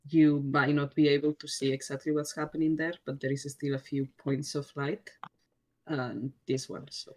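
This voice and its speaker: A woman's voice: low-pitched, level tone, moderate pace, a little mellow. A woman narrating as game master in a tabletop game, hesitant and searching for words, often giggling.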